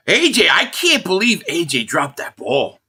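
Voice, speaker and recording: Philly guy doing a hyped live game reaction stream, high bright voice, yelling at the plays. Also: slightly rough. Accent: Philadelphia. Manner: excitable fan commentary, reading out super chats.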